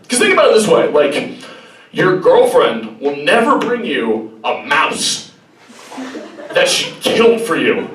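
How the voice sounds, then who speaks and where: A young man performing a stand-up set, deadpan storytelling broken by sudden high-pitched voices. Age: young adult. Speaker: student stand-up comedian. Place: campus hall before a live audience. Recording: roomy live hall, distant mic, audience laughter. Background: audience laughing.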